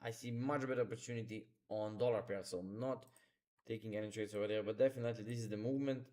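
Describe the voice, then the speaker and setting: A man's voice: fairly low pitch, steady tone, fast talker, warm tone. Man talking through charts live. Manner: instructive, repeats phrases, non-native grammar. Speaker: trading streamer. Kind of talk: live market commentary.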